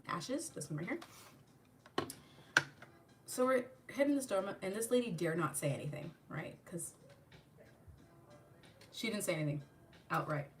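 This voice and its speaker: A woman with a fairly low voice tells a store story in a casual, animated, profane way, acting out every person she describes. She sits a little back from the mic, with a faint hum of room noise behind her. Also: recorded from a distance. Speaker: channel host. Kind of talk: casual storytelling while doing a makeup tutorial.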